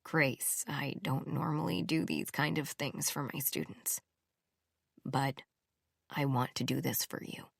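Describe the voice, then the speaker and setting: A woman narrator drops low for a calm grown man, a music professor who speaks softly and insists quietly. The voice sits deep and slow, and the read is dry and close. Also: gravelly, slightly rough, dry recording, heavily acted. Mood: gentle, persuasive. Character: adult male music professor, calm and persuasive. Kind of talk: audiobook character voice.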